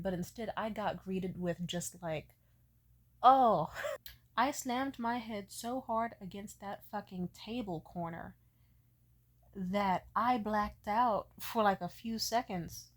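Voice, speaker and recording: A young woman vlogger telling a casual, profane story with animated energy. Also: mid-range voice.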